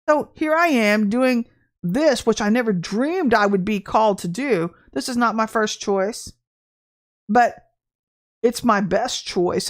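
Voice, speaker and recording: A woman from Texas giving an impassioned, blunt spiritual talk to the camera, emphatic and laughing between points. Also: fairly high pitch. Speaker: Christian ministry speaker.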